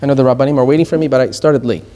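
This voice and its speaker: A middle-aged man from Iran giving a Torah lecture as a rabbi, stressing key words slowly and rushing through asides. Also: medium pitch, fairly even intonation, mellow.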